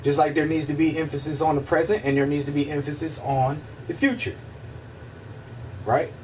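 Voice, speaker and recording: A man hosting a casual livestream, musing out loud in a rambling, profane way, repeating himself and answering his chat. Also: on the high side, little pitch movement, normal speed, recorded from a distance, slight background noise, low-quality recording. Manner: rambling, profane, repeats himself, asks listeners if they follow. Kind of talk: casual philosophical monologue.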